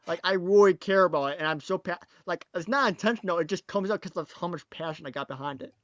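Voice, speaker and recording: A man hosting a casual podcast chat, excitable and tripping over his words with frequent restarts. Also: sits high, fast, lo-fi sound. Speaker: podcast host.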